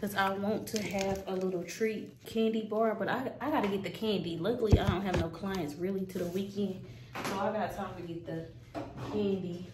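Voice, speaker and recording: A woman's voice: mid-range voice, steady tone, moderate pace. A woman nail technician chatting casually to her viewers, aggravated, swearing in passing. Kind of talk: casual vlog chat. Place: small nail salon room, indoors. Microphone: camera set down at a distance, no tripod. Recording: echoey room, distant mic, background noise.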